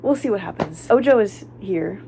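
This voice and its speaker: A woman's voice: mid-range voice, expressive, normal speed, vocal fry, dark tone, a little hiss or hum. A woman in her twenties, a college senior, chatting in a talkative, dramatic way in a study vlog. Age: 20s. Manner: talkative, dramatic, slips into whispers.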